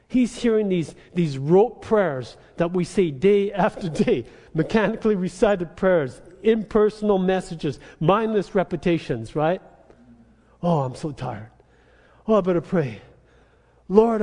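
A man with a high voice preaching a sermon, his words ringing out in the long reverb of a church sanctuary. He tells animated, comic stories. He keeps turning to the congregation with "amen?" and "right?". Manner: animated storytelling, acts out frustrated phone calls. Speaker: pastor.

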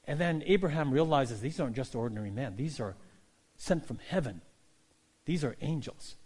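A male pastor preaching a sermon, telling stories in an animated way and acting out characters. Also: mid-range voice, normal speed, breathy edge. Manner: animated storytelling, voicing characters.

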